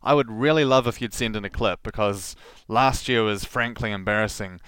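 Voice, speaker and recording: A man chats casually as a podcast host, teasing himself and laughing along. His voice is on the low side and smooth. The recording is dry and close, with no room sound. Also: normal speed, a bit bright, no echo. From New Zealand. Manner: chatty, self-mocking, laughing often. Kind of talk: casual solo monologue.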